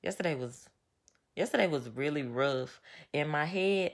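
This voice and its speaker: A woman chatting casually to her viewers, venting with animated storytelling and slang. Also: low voice, moderate pace. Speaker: vlogger. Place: home, getting ready.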